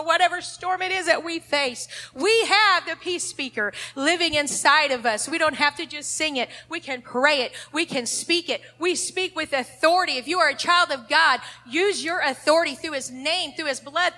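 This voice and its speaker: A middle-aged woman leads an adult Sunday school class, preaching with fervor. Her voice sits high and rings brightly. She moves between emphatic declarations and near-hushed passages.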